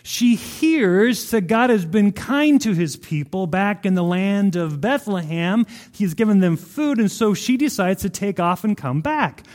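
Male pastor, high voice, lively sermon storyteller who acts out the scenes. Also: unhurried, hardly any pauses. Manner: animated storytelling, vivid retelling of scripture.

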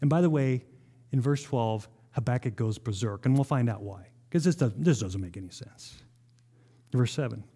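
A male pastor with a fairly high voice delivers a lively sermon. He reads scripture with deliberate emphasis and keeps questioning his listeners. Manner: animated, asks the congregation rhetorical questions.

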